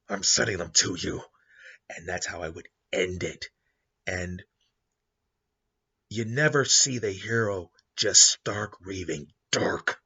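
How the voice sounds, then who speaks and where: A man with a low, husky voice talks through a story pitch in a loose, animated way. He slips in quick character voices as he goes. The recording sounds muffled and lo-fi. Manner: animated, acts out quoted characters in passing. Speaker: podcast host. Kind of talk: casual story pitch monologue.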